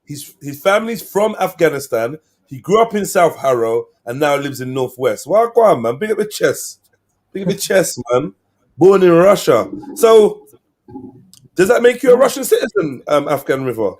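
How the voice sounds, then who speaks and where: A man, hosting a live stream and chatting casually with slang and shout-outs to viewers. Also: a little high, sing-song, moderate pace. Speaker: livestream host.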